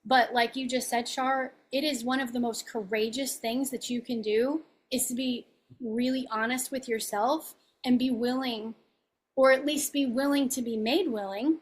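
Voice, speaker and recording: A woman's voice: sits high, steady tone, normal speed. Chatty woman coach on a podcast. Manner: chatty, frequent "like" and "right?". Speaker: podcast guest, life coach. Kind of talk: casual podcast conversation.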